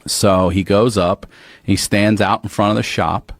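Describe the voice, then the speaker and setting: A man from Baltimore, a podcast guest telling a story in a profane, lively way. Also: lowish voice, unhurried, dry recording, clean studio sound. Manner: profane, animated storytelling with restarts. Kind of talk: casual storytelling.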